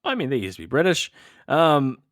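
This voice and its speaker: A man's voice: medium pitch, big pitch swings, dry recording, clean studio sound. A man co-hosting a podcast in casual chat, quizzing his partner and reeling off lists of names. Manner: quizzing, listing names quickly. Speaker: podcast co-host.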